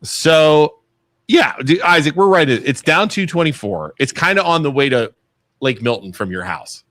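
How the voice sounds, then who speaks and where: A man co-hosting a casual chat in a studio, talking excitedly with loud laughs. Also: fairly high pitch, normal speed, no room sound. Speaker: co-host. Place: radio studio. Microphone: studio microphone. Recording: dry close studio sound.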